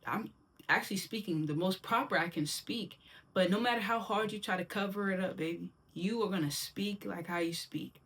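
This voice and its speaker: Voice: mid-range voice, fairly bright tone. A young adult from Silver Spring with a Maryland accent, giving their opinions in a candid, slangy monologue straight to the viewer. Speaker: vlogger.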